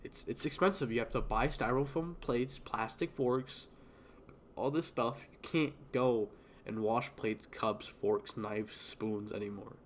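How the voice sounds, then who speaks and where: A man's voice: mid-range voice, a little slow, a little hiss or hum. A young man streaming a game, chatting in a loose, rambling way full of fillers, restarts and swearing. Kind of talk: casual rambling chat while gaming.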